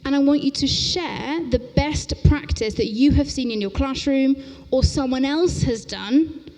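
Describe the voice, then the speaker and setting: Woman presenter, teacher trainer, lively and brisk, slightly high voice, long reverberant lecture-hall sound. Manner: brisk and upbeat, often checking in with "okay?". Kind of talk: interactive conference workshop talk. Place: large lecture hall at a conference.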